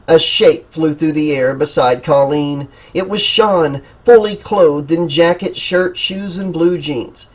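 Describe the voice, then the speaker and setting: Husky male narrator, slightly high voice, steady and dramatic, audiobook reading. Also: poor audio. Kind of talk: scripted narration.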